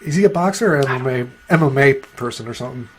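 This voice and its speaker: A man's voice: medium pitch, animated, fast talker, crowd noise. A man co-hosting a casual podcast chat, hesitant and often restarting his sentences. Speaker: podcast co-host.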